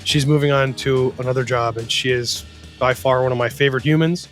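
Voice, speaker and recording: A man's voice: medium pitch, fairly even intonation, brisk, a bit bright, soft background music. A man hosting a podcast in a casual, joking and openly sentimental way. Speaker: podcast host.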